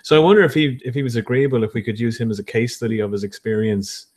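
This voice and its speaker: A man of middle pitch speaks on a late-night panel. He halts and corrects himself as he goes. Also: fairly even intonation, a little mellow. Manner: halting, self-correcting. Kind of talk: casual studio chat.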